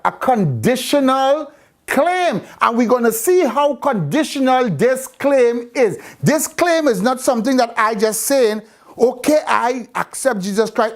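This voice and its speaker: A woman with a somewhat high, slightly mellow voice leads an interactive scripture class, teaching the Bible by repeating phrases and quizzing her students.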